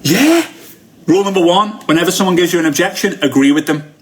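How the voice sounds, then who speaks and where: Energetic man telling stories. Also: on the high side, very fast. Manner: energetic storyteller who acts out quotes. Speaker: motivational speaker. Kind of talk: live-streamed sales training talk.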